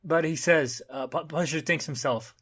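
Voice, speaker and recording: A man co-hosting a casual podcast, retelling a comic book plot with frequent pauses and fillers. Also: fairly high pitch, fairly bright tone, breathy edge. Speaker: podcast co-host summarizing a comic. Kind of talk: casual chat.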